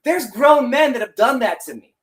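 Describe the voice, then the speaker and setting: A man co-hosting a podcast in casual chat, telling animated stories, swearing freely and laughing through them on a studio mic. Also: very high-pitched, moderate pace. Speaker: podcast co-host.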